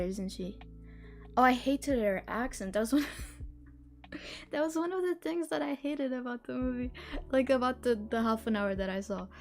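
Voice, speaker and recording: A woman's voice: a little high, darkish tone. A young woman hosting a live stream, chatting casually in a rambling, giggly way with lots of restarts. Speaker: streamer hosting reading sprints.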